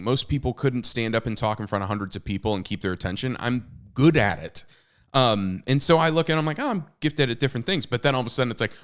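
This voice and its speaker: A man's voice: medium pitch, fairly bright tone. A man in his thirties talking candidly on a podcast, telling stories with plenty of fillers and restarts. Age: 30s. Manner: candid, self-deprecating storytelling with many fillers and restarts. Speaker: podcast co-host and author. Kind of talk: casual podcast conversation.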